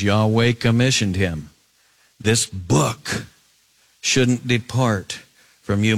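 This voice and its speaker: A man preaching an expository sermon, paraphrasing scripture in a conversational way, with high emphatic bursts and low drawn-out words. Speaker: pastor.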